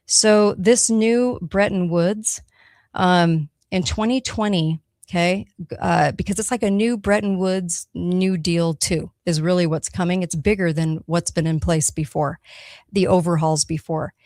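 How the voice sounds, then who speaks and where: A woman's voice: fairly low pitch, unhurried, darkish tone, dry recording, studio quality. A woman hosting a radio talk show, speaking emphatically and checking in with her listeners as she goes. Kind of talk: solo talk radio monologue.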